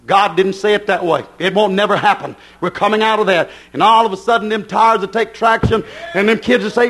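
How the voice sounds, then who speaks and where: A middle-aged preacher with a notably high voice delivers a fervent sermon. He speeds through folksy asides, then slows down and shouts the key lines. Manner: fervent, rising to shouts with swings in pace.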